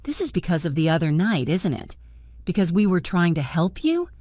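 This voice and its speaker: A woman's voice: on the low side, very animated, normal speed, dark tone, no room sound, clean studio sound. A woman reading the part of an entitled grown son who talks in a controlled, calculating way. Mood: angry.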